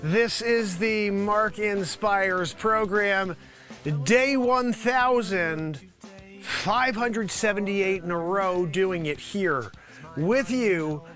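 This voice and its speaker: A man hosting a live comedy stream, improvising a goofy mock news report and sometimes shouting. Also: high-pitched.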